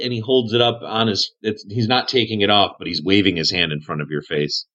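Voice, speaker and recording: A man's voice: fairly low pitch, fairly even intonation, fairly quick, hardly any pauses, pushed and bright, muffled recording. A man narrating as game master in a casual, loose way, with fillers. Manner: casual, describes actions with fillers.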